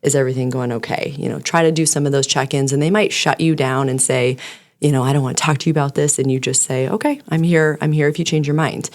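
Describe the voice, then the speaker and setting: A woman's voice: sits low, fairly even intonation, quick pace, a little mellow. A woman, a clinical social worker, speaking as a podcast guest and explaining at length in an earnest, sometimes rambling way. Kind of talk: casual podcast conversation.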